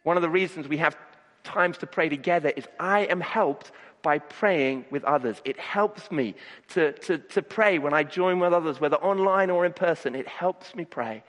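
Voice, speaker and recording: A man's voice: on the high side, moderate pace, a bit bright, big-room sound. A man preaching a sermon, earnest, often repeating words as he starts a sentence. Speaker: pastor.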